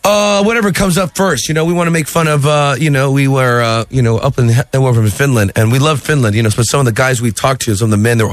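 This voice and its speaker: A man being interviewed as a comedian, animated and quick to slip into impressions. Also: medium pitch. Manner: animated, jumps into sung and shouted impressions. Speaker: comedian guest.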